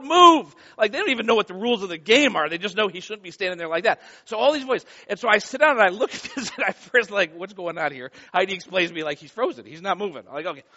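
High-voiced earnest male pastor preaching. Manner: earnest, builds loud and animated in stories. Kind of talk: sermon with prayer and storytelling. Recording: dull lo-fi sound.

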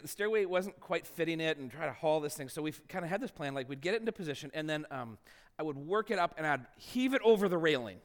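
A pastor preaching a sermon, his voice sitting high for a man. He tells stories in an animated, self-deprecating way. The sound carries the long reverb of a large church sanctuary.

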